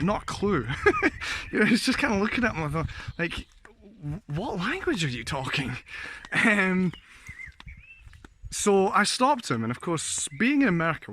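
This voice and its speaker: Chatty Scottish man, bright voice. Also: fairly high pitch, a little hiss or hum. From Scotland. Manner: chatty, rambling, laughs often. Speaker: vlogger. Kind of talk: casual storytelling vlog.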